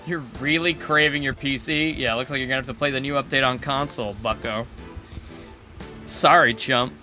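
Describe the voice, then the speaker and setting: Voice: mid-range voice, steady tone, fast, pushed and bright, faint music behind. A streamer casually commenting while playing a game, joking and crude.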